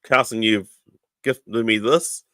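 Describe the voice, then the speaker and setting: A man's voice: on the low side, fairly even intonation, takes it slowly, pushed and bright, dry recording. New Zealand man rambling on a livestream. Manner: rambling, full of ums, chummy with viewers. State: sore throat, coughing. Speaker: podcast host. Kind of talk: casual livestream chat.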